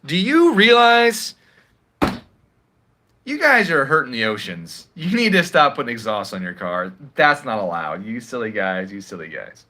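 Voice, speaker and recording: A patronizing male regulator tuts and scolds as if he were talking to children, as a man mocks him. The voice jumps high and low and has a bright, pushy edge. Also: big pitch swings, measured pace, a little hiss or hum. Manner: mocking, patronizing.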